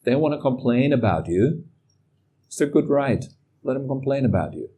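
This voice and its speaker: Husky, soft-spoken meditation teacher man. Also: mid-range voice, normal speed. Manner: calm, gently reflective. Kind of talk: dharma talk.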